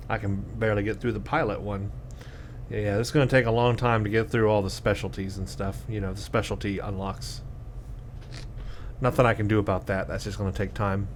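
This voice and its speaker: A man's voice: lowish voice, fairly even intonation, normal speed, a little hiss or hum. Exasperated man narrating his gameplay. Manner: self-deprecating, exasperated musing. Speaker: let's play host. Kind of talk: gameplay commentary.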